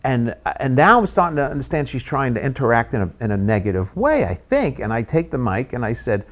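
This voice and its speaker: A middle-aged man tells a story as a guest comedian, jumping between his own voice and the people he quotes. His pitch sits in the middle range, and he tells it with a lively, animated delivery. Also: a little fast. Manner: animated anecdote-telling, acts out quoted voices. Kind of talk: storytelling chat.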